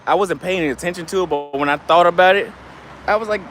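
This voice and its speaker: A man with a high-pitched, fairly bright voice talks fast while faint music plays behind him. He's a travel vlogger filming himself on a handheld camera on a city street at night, a bit tipsy and breathless, rambling casually with swearing and trailing off partway through his thoughts.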